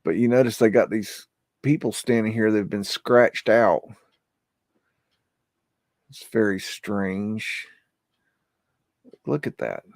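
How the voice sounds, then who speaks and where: A man's voice: fairly low pitch, slow, vocal fry, long pauses, darkish tone, no room sound, studio quality. A man hosting a live show, talking through archive photos in a hesitant, rambling way, often muttering exclamations and swearing when something spooks him. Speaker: livestream host.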